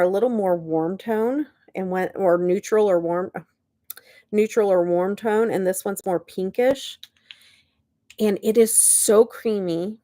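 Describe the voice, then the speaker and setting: A woman's voice: mid-range voice, dry recording. Bubbly middle-aged lady doing a makeup live from bed, dry close sound. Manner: chatty and bubbly, laughs often, greets viewers by name. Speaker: beauty YouTuber. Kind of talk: casual live-stream chat. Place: bedroom, in bed.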